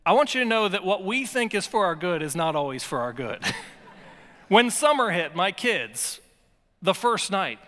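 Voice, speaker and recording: Male pastor, high bright voice, emphatic preaching with light humor, long reverb of a church hall. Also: sing-song, moderate pace. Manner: emphatic preaching with playful asides and repeated words. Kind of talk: sermon.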